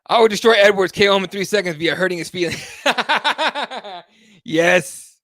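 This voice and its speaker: A man's voice: sits high, normal speed, sharp tone, no room sound, studio quality. A man hosting a live MMA talk show, chatting casually and animatedly, swearing freely and reading viewer comments aloud. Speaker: host.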